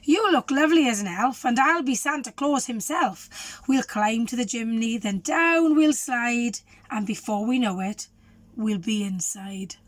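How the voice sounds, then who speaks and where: A woman's voice: a little high, lively intonation, unhurried, dry recording. A woman voicing a scheming male burglar who whispers his plans, reading a storybook aloud. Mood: plotting. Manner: hushed, conspiratorial.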